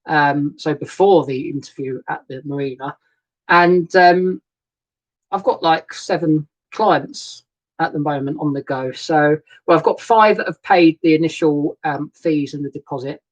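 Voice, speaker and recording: A man's voice: a little high, a little slow. A man casually chatting on a live stream from his narrowboat, rambling a little and greeting viewers by name, recorded on a laptop webcam setup. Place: narrowboat cabin. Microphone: laptop webcam and new microphone.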